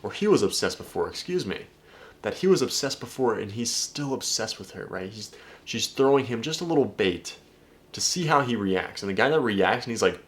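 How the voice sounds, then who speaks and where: A man's voice: fairly low pitch, animated, moderate pace, a bit bright. A man coaching viewers on dating in a casual video breakdown, talking emphatically, swearing and addressing the audience directly.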